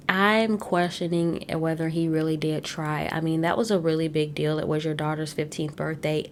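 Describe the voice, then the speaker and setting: A low-pitched woman recaps in a casual, sassy podcast chat. She is blunt and opinionated, with slangy asides and quick laughs. A faint rumble sits under her voice. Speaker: podcast host recapping a reality show.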